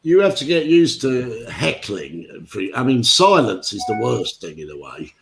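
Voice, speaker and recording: A man's voice: medium pitch, very animated, measured pace, creaky, noisy background. Older man telling wry, rambling anecdotes. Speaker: guest comedian. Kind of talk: casual chat.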